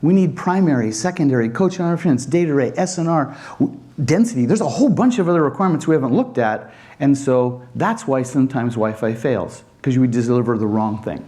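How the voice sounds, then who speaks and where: Animated man with a lively voice. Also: mid-range voice, a little fast. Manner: animated, acts out dialogues with customers. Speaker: Wi-Fi design instructor. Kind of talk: conference presentation.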